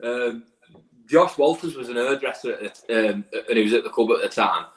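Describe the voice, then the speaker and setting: Bantering podcast host. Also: male voice, medium pitch, normal speed. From England. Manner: bantering, laughing, matey. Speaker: podcast host and rugby player. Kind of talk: casual podcast chat. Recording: echoey room.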